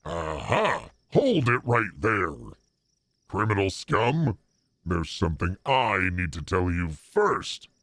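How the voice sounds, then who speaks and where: A man voicing a boastful, self-absorbed young rival chef in a video game, with loud, theatrical exclamations. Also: deep voice, big pitch swings, takes it slowly, no echo, pitched below the performer's own voice, full character voice.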